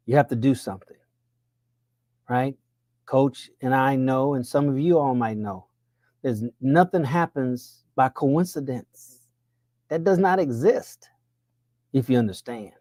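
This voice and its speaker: A man's voice: dark tone, no echo, clean studio sound. A man, giving a motivational money talk in a preaching style, firing off rhetorical questions. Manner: preacher-like, rhetorical questions, pitch swings up when pressing a point. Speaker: money coach.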